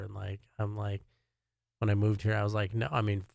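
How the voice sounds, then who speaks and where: A man's voice: on the low side, normal speed, creaky, long pauses, no echo, clean studio sound. A middle-aged man from Alabama, a personal chef and podcast guest, chatting easily with lots of fillers. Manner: relaxed, chatty, many fillers. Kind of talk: casual podcast chat.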